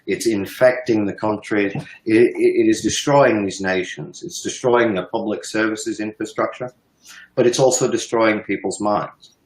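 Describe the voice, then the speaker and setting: A man's voice: lowish voice, normal speed, echoey room, rough recording. A man in his fifties giving heated, emphatic political commentary, sometimes swearing and laughing scornfully. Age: 50s. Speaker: guest commentator.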